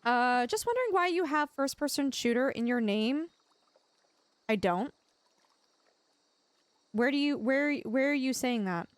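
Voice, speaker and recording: Young Canadian woman streamer, high bright pitch, bubbly and chatty with her chat. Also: expressive, a little slow, long pauses, clear, resonant tone, no room sound. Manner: bubbly, giggly, chatty with viewers. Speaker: livestream gamer. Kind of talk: casual livestream chat.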